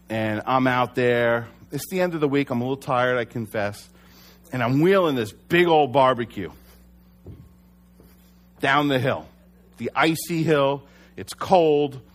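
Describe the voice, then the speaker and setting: Middle-aged male pastor, lively storytelling sermon, jokes at his own expense, mid-pitched voice. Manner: animated storytelling, self-deprecating humor. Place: church.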